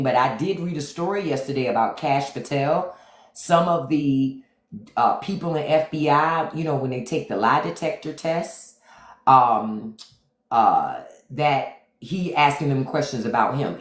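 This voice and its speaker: A man's voice: fairly high pitch, animated, moderate pace, fairly bright tone. A middle-aged man hosting a casual livestream, blunt and profane, greeting his chat by name as he comments. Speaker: livestream host. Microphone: phone. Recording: echoey room.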